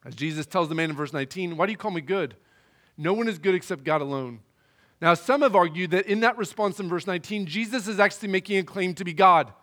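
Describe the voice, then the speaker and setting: Earnest male preacher with a high voice. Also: fairly bright tone. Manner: measured, earnest expository preaching. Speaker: pastor. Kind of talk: sermon.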